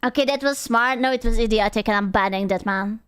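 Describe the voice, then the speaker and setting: A woman's voice: fairly high pitch, brisk, a bit bright, clean tone. A young woman streamer chatting casually with viewers, playful and giggly, swearing and reacting dramatically.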